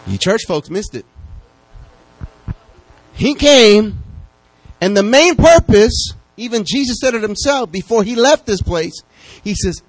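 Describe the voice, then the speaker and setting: A man preaching a sermon, talking straight to his congregation and bouncing between calm teaching and excited bursts. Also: unhurried, long pauses, low-quality recording. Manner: lively, talks to the congregation directly; pitch jumps up high when excited.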